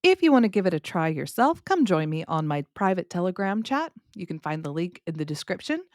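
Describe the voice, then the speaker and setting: A woman with a Californian accent touched by Southern US speech, hosting a podcast English lesson in a lively, demonstrative way and stressing words to teach. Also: fairly low pitch, fairly quick, dry recording, clean studio sound. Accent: Californian with light Southern US touches.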